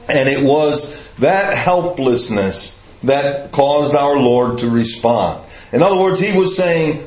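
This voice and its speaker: A man preaching a sermon in a slow, emphatic way, putting questions to his listeners. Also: medium pitch, lively intonation, a little mellow. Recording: echoey room, slightly dull sound.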